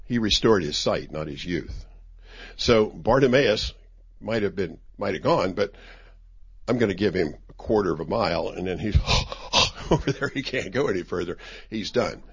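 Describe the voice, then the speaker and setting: A man's voice: fairly low pitch, breathy edge. A man giving an informal Bible study talk in a conversational, wry way, with many restarts. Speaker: teacher. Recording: dull lo-fi recording.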